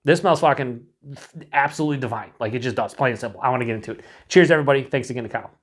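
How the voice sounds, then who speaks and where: A man's voice: mid-range voice, very fast. A man casually reviewing a beer on his own channel, rambling and mocking himself, with some swearing.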